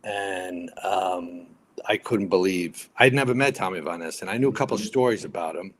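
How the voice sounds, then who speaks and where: A man in his fifties from New York, a retired firefighter and podcast guest, telling stories in a lively way and acting out other people's lines. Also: sits low, normal speed, a little hiss or hum. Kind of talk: casual storytelling interview.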